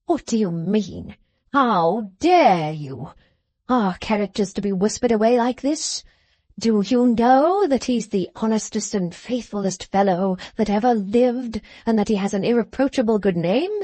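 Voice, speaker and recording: A woman reading as a smarmy middle-aged lawyer man in an audiobook, unctuous and gushing, forever bowing and scraping with theatrical politeness. His tone is mellow and soft, and the recording is close and dry with no room sound. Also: medium pitch, animated, takes it slowly, dry recording. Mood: indignant. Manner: unctuous, overly polite, dramatic protests. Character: fawning, oily middle-aged male lawyer.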